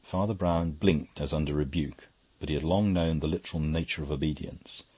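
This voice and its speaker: A man narrating a classic story in an even, unhurried reading. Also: rumbling low, breathy edge, dry recording. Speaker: audiobook narrator. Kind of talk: scripted narration.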